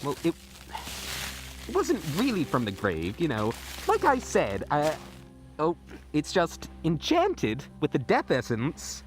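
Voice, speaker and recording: A man's voice: huge pitch swings, takes it slowly, soft background music. A young man vlogging in the snowy woods at night into his phone, rambling in a mock-dramatic way. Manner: rambling, mock-dramatic, wildly swinging pitch. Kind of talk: comedic outdoor vlog. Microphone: phone camera.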